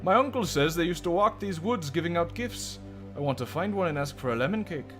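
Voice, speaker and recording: A man voicing an eager, excitable child in a high, awkward falsetto. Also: fairly quick, faint music behind.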